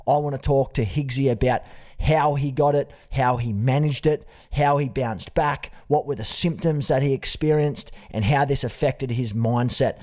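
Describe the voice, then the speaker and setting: A man's voice: medium pitch, normal speed, darkish tone. An Australian man hosting a podcast interview, friendly and matey, calling his guest "mate" often. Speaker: podcast host.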